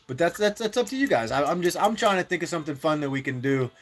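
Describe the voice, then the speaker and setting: A man's voice: on the high side, expressive, quick pace. A man streaming a mobile war game, talking strategy in a rambling way with many fillers and restarts. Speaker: gaming live streamer. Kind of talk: casual strategy chat.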